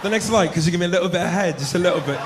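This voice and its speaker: A man putting on an English accent as a smooth-talking flirt, recorded in a noisy live comedy room. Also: sits high, racing, lightly acted.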